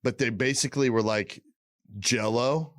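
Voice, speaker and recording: A man co-hosting a casual podcast, joking around and spinning animated bits. His voice sits in the middle range and is recorded dry and close on a headphone-and-mic setup, with no room around it. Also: medium pitch, moderate pace, no echo. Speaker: podcast co-host. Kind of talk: casual chat.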